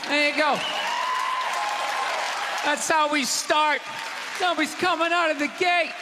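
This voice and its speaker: Over a very noisy crowd, a forties-aged comedian speaks in a very high voice, unhurried and fairly even in intonation. His act is a foul-mouthed, frustrated rant on a large theater stage, drawing laughter, and the live sound has a long reverb tail.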